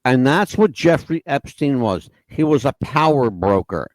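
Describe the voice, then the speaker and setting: Animated, profane male podcast host. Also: mid-range voice, measured pace, dry recording. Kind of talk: casual opinionated chat.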